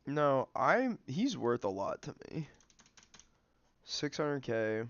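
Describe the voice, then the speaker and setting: A young male streamer rambles casually through his game, loose and full of fillers. His voice has a gravelly edge, and the recording is dry and a bit dull. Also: mid-range voice, very animated, takes it slowly, a bit bright, no room sound. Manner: rambling, filler-heavy, snacking while talking. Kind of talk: casual livestream commentary.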